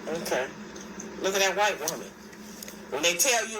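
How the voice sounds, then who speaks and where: A woman's voice: mid-range voice, lively intonation, moderate pace, sharp tone, a little hiss or hum, rough recording. A woman talking straight to her viewers in a casual monologue, emphatic and repetitive, pointing out one thing after another. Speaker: video commentator.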